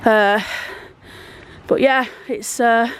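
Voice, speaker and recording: Walking through town with her phone in hand, a woman vlogger chats in a rambling, down-to-earth way, slightly out of breath. Her voice is fairly high and smooth, with fairly even intonation and a very slow pace, in this casual walk-and-talk vlog.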